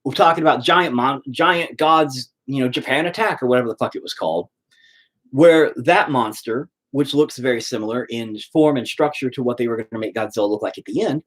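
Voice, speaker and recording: A man's voice: mid-range voice, brisk, husky. A man streaming live as he paints, chatting casually in a profane, exasperated rant. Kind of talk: casual livestream chat.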